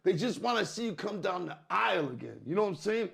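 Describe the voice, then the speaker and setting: A man's voice: high voice, sing-song, fast talker, creaky, fairly bright tone. A man co-hosting a podcast, talking bluntly and swearing freely in casual chat. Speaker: podcast co-host.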